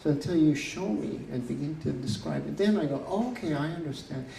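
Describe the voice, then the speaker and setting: An older man, an urban planner, telling animated stories at a conference. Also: on the high side, a little fast, vocal fry. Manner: animated, chatty storyteller. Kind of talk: storytelling presentation. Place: conference room. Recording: echoey room with faint noise.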